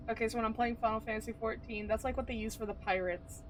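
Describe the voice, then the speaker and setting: A woman's voice: a little high, fairly even intonation, fast talker, slight background noise. A woman from the southern United States streaming a game, chatting casually in a rambling way and laughing often.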